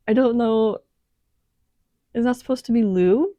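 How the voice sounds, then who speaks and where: A young woman talks through her sketchbook in a relaxed, rambling way, filling gaps with "um" and "like". Her voice is mellow and warm, and she speaks slowly. The sound is dry and close, with no room echo. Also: on the high side. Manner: relaxed, rambling, many ums and likes. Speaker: artist vlogger. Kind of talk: casual sketchbook tour narration.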